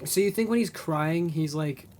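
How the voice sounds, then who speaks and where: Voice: mid-range voice, normal speed, a little mellow. A co-host on a voice call who teases and mockingly repeats lines back in casual chat.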